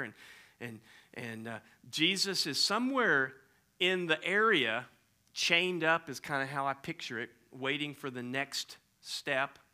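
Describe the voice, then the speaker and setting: Bright-voiced storytelling pastor. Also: male voice, a little high. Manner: conversational storytelling, casual slang. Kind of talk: sermon.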